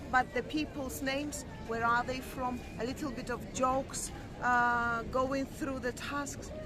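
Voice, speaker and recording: A woman co-hosting a vlog, effusive and playful in broken English, outdoors on a harbour promenade. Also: high-pitched. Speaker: vlog co-host. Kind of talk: casual chat. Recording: crowd noise outdoors. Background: crowd chatter.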